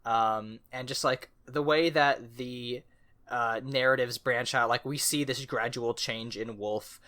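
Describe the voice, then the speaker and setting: Male co-host, bright tone, loose rambling conversational delivery. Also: mid-range voice, fairly even intonation, unhurried. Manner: rambling, many fillers and restarts, laughs often. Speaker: podcast co-host. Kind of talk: casual chat.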